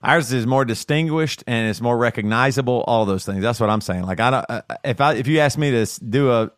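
Podcast host: playful, agreeable man, mid-pitched voice, dry close recording. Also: fairly quick, clear, resonant tone, dry recording. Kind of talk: casual chat.

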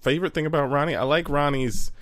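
A man's voice: a little high, fast, a bit bright. A man co-hosting a casual podcast, rambling with frequent restarts and laughter, talking into his own mic over a remote call. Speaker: podcast co-host. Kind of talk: casual chat.

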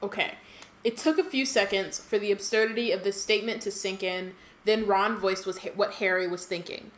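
Chatty woman co-host, mid-range voice, giggly between passages and brisk when reading aloud. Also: mid-range voice. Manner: giggly, chatty, reads narration in a brisk even tone. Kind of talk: casual book-club chat with read-aloud passages.

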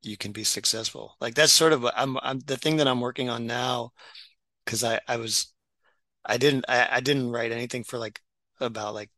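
A man's voice: mid-range voice, fairly even intonation, normal speed, sharp tone, no echo, rough recording. A middle-aged man, a doctor and writer, talking casually with many restarts and fillers. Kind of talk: casual podcast conversation.

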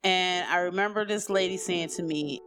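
A woman shares her life story off the cuff, speaking candidly and loosely with frequent "you know"s and "like"s. Her voice is on the low side and her pace is normal, with music running underneath her.

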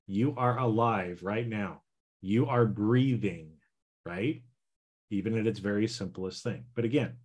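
Slow, easygoing man hosting a self-help podcast. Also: fairly low pitch, slightly rough. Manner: slow, repeats "right?" and "okay?"; folksy and plain-spoken. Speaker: podcast host, healing coach.

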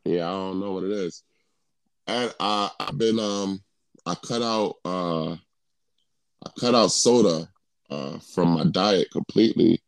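A man's voice: low-pitched, takes it slowly, gravelly, long pauses, dry recording. A man co-hosting a casual chat, talking in a laid-back, rambling way with fillers, sounding a little congested. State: congested, under the weather. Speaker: podcast co-host.

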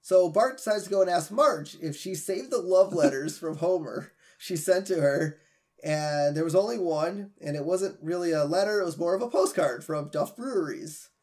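An easygoing man with a fairly high voice walks through story beats on a casual podcast. His talk is relaxed and conversational. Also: normal speed. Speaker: podcast co-host. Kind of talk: casual chat.

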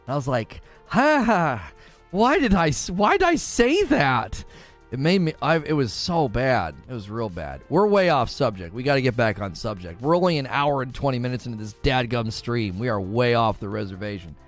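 A man in his forties hosts a casual livestream chat. He tells stories in an animated, laughing way, and his voice rises and falls a great deal. Faint music plays underneath. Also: medium pitch, brisk, hardly any pauses. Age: 40s.

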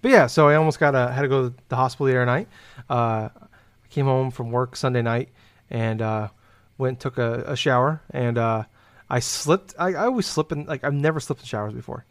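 Brisk and clean-toned at a medium pitch, this young man rambles through a casual story, leaning heavily on "like" and swearing freely.

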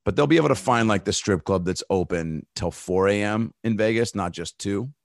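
A man's voice: fairly low pitch, a little fast, dry recording, studio quality. A man guesting as a comedian on a podcast, riffing loosely in casual chat with plenty of profanity and fillers.

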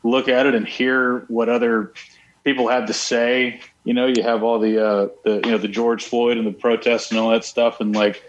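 A man chatting in a loose, rambling way about his band, dropping swear words and trailing off mid-thought. His voice sits at an ordinary middle pitch, and he talks like someone relaxed among friends. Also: normal speed, highs cut off, slight background noise. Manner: rambling, laid-back, swears freely. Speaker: band member. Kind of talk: casual interview chat.

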